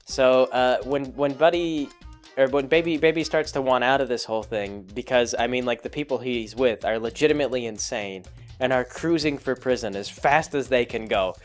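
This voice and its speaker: A man's voice: mid-range voice, moderate pace, soft background music. Rambling, jokey man recapping a movie. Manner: rambling, jokey, full of fillers and self-corrections. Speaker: vlogger.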